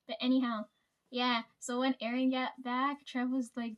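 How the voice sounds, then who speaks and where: A woman with a slightly high voice tells stories about her coworkers in a loose, rambling way. She swears freely and fills the gaps with fillers and little laughs. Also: flat delivery, slow, long pauses, dull audio. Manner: chatty, swears a lot, frequent fillers and laughs. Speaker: vlogger telling work stories. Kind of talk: casual storytime chat.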